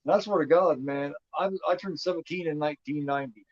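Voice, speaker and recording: A man's voice: on the high side, quick pace, no room sound. A man in his fifties hosting a casual movie commentary, rambling and repeating himself with lots of "you know what I mean.". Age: 50s. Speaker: host. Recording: dull lo-fi sound.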